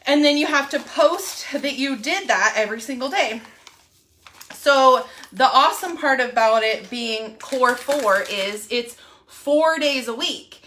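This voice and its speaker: A woman's voice: high voice, a bit bright. A young adult woman chatting casually on a live video, gushing and rambling with lots of fillers. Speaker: wellness app promoter.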